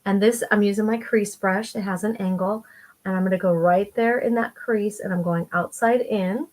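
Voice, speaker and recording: A woman's voice: mid-range voice, steady tone, moderate pace, darkish tone. A middle-aged woman giving a chatty, enthusiastic makeup tutorial while she applies her eyeshadow. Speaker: makeup vlogger.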